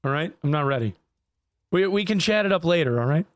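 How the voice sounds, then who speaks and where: A man's voice: a little high, animated, a little fast, no room sound. A man streaming live, chatting casually with viewers, jokey and profane. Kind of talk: casual livestream chat.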